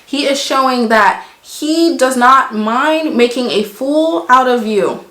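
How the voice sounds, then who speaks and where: A woman's voice: high voice, slow, fairly bright tone, echoey room. A woman vlogger giving relationship advice in casual, blunt, emphatic talk, driving her points home with examples. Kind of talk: casual chat to camera.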